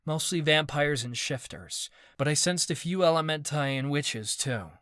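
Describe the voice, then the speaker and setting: Man, audiobook narrator, medium pitch, steady, measured, dry close sound. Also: no echo. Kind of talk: first-person fantasy audiobook narration.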